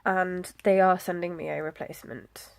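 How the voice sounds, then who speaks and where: A woman, chatting casually about her planner, with soft, self-deprecating asides and frequent fillers. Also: on the low side, steady tone, moderate pace, creaky. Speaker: planner vlogger. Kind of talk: casual chat.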